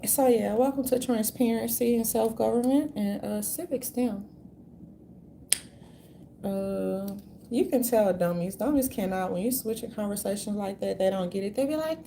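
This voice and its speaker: A woman's voice: high-pitched, lively intonation, moderate pace, creaky, mellow, slight background noise. A woman vlogger ranting in a meandering, profane, slangy way. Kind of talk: rambling casual rant.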